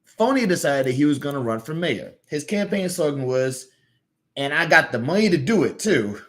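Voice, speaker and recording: A man's voice: fairly high pitch, big pitch swings, moderate pace, fairly bright tone. A man with a Southern US accent voicing an earnest, good-natured little male cartoon hero telling a story.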